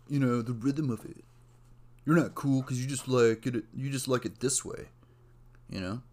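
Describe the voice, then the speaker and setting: A man's voice: fairly low pitch, vocal fry. A young man hosting a solo podcast, talking casually in a meandering stream of consciousness and swearing freely. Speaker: podcast host. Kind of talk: rambling solo podcast monologue.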